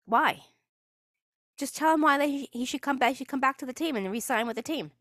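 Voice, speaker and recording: A woman hosts a solo podcast, ranting sarcastically and exasperatedly while swearing freely. Her high, somewhat bright voice moves fairly quickly, in clean studio sound with no room tone.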